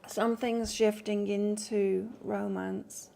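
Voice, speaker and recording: A woman's voice: mid-range voice, flat delivery, slow pace, creaky, mellow, a little hiss or hum. A woman from England doing a live tarot reading, chatting casually and reading out cards while answering viewer comments. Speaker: tarot reader.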